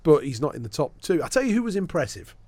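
A man's voice: on the high side, quick pace, no room sound. A man, a sports broadcaster telling stories in a podcast interview and acting out the people he quotes. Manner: lively storyteller, acts out the people he quotes. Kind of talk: anecdotal storytelling in a podcast interview.

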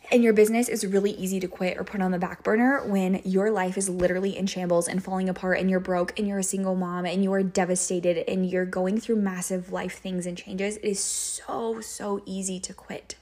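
A woman's voice: medium pitch, flat delivery, a little fast, few pauses, darkish tone. A woman in her late twenties, a podcast host, candidly telling a personal story in a monologue full of "like" fillers. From Kansas. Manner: candid, emotional, many "like" fillers. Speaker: podcast host and business owner.

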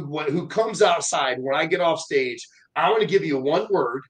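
A man's voice: a little high, normal speed, hardly any pauses, poor audio. A man, a motivational speaker telling a story in casual chat and acting out the voices of the people in it. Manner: animated, acts out quoted voices.

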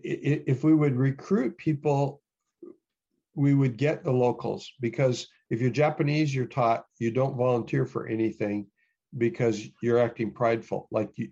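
Brief: American male pastor, mid-pitched, earnest, self-repeating, muffled lo-fi sound. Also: mellow. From United States. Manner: earnest, repeats words while thinking. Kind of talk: casual interview storytelling.

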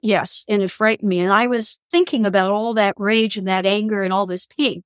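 A woman's voice: mid-range voice, steady tone, fairly quick, dry recording. Earnest woman sharing spiritual stories. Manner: earnest, reflective, spiritual storytelling. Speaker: guest, author and columnist. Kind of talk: podcast interview, personal storytelling.

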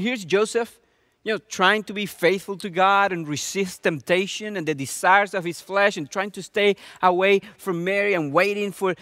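Male pastor, high voice, dry close recording, earnest sermon delivery. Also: fairly bright tone, no room sound. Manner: earnest, with many rhetorical questions.

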